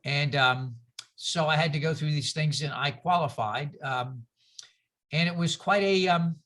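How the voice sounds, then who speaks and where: Man, earnest rambling storyteller, bright forceful voice, fairly high pitch, video call. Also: measured pace. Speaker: discussion group facilitator. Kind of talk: casual group discussion.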